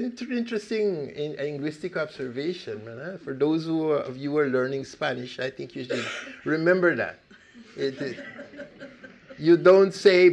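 An older man from Costa Rica telling his life story in an animated, emphatic way with frequent restarts. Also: fairly high pitch, gravelly. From Limón province, Costa Rica. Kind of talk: personal storytelling talk.

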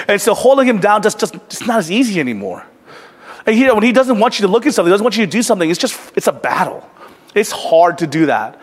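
Earnest high-voiced pastor in a reverberant hall. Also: male voice. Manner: conversational storytelling, earnest, drops to soft hush. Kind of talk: sermon.

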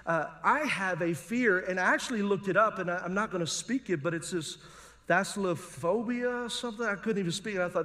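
A middle-aged male pastor preaches a sermon full of personal stories, told in a conversational, humorous way. His voice is high, brisk and sharp.

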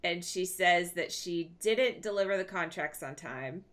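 A woman's voice: fairly low pitch, expressive, fairly bright tone. A woman co-hosting a podcast, casually recapping TV scenes with a chatty manner. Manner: chatty, recounting scenes with quick laughs. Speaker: podcast co-host.

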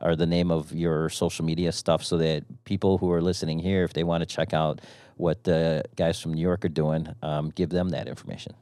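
A man co-hosts a casual podcast, steering the talk and teasing his guests. His voice is deep and resonant, dry and close to the mic. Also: level tone, brisk, hardly any pauses, dark tone, no room sound. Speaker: podcast co-host.

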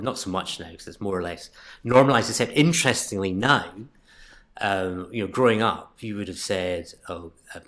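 A man columnist in a podcast discussion, talking thoughtfully and a little hesitantly, with frequent pauses and fillers. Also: low voice. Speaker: guest columnist.

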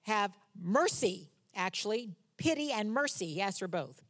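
A woman preaching a sermon, reading scripture aloud and explaining it with humorous conversational asides, her voice rising loud for cries and dropping soft on key words. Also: mid-range voice, animated, unhurried.

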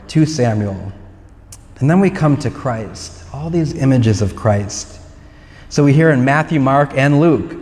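A man's voice: medium pitch, a little mellow. A man preaching a conversational homily at Mass, retelling a film scene earnestly. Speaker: priest. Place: church at Mass. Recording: long church reverb.

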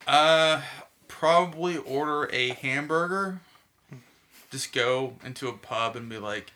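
A man's voice: medium pitch, slow, sharp tone. A man from Texas chatting casually on a podcast, rambling with lots of restarts and filler words. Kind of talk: casual chat.

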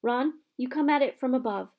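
A woman's voice: sits high, moderate pace, a little mellow, voice pushed up. A woman reading the lines of an earnest young boy wizard, calling out urgently in a storybook reading.

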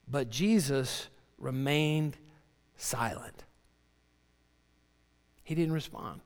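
A male pastor delivering a sermon, moving between loud, dramatic readings and quiet, low emphasis. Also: very slow, long pauses, big-room sound. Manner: animated preaching, voicing Job's cries with rising pitch and dropping low for emphasis.

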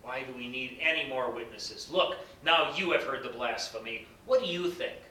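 A stern high priest who presses forceful, demanding questions, read by a man. His voice is bright and hard-edged. It rings out in a roomy echo, heard from some way off. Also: normal speed. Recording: bright roomy echo, distant mic, faint rumble.

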